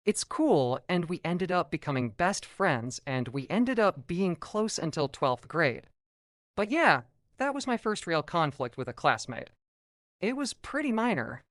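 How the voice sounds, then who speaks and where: A man's voice: a little high, big pitch swings, a little slow, a bit bright, no echo, clean studio sound. A man casually narrating a first-person story from his school days in a conversational tone.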